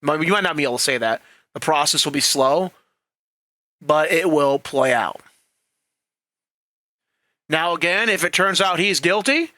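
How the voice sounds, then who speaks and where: A man's voice: fairly high pitch, animated, moderate pace, long pauses, sharp tone, dry recording. A man hosting a casual commentary channel, chatty and profane, acting out quoted voices.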